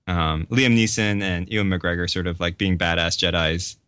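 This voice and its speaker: A man's voice: sits low, fairly even intonation, normal speed, a bit bright, smooth, no echo. A man talking casually on a podcast, telling stories with lots of fillers and laughter.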